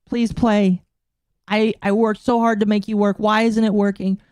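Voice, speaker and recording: A woman's voice: mid-range voice, level tone, moderate pace, a little mellow, clean tone, dry recording, clean studio sound. A woman VTuber streamer chatting casually to her live audience, flustered and exasperated as she fiddles with her settings and talks to herself.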